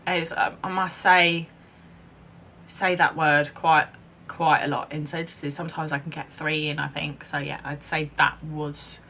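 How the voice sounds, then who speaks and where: A woman's voice: sits low, level tone, unhurried, pushed and bright, a little hiss or hum. A young woman in her twenties from England chatting casually to camera, rambling with lots of "um" and "like". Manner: chatty, rambling, many ums and likes. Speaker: vlogger.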